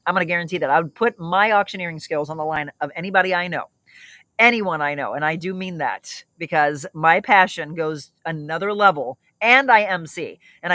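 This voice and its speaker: A woman's voice: fairly low pitch, a bit bright, no room sound. A middle-aged woman hosting a casual livestream, chatting upbeat and reading out viewer comments. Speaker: livestream host.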